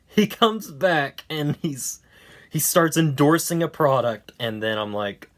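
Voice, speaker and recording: A man's voice: a little high, slow. A man giving a casual, rambling movie review, wry and sarcastic, with many fillers and restarts.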